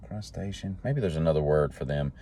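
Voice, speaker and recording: Deep and dark in tone, this man's bass voice moves along at a fairly quick clip. He runs a solo talk show as its podcast host, hopping from joke to joke in a homespun, meandering style.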